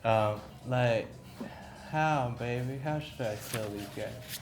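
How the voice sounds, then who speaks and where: A man's voice: mid-range voice, takes it slowly, creaky, over music. A man playing a tabletop game, laid-back and drawling. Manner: laid-back, says "like" and "baby" a lot. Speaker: player. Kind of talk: tabletop role-play.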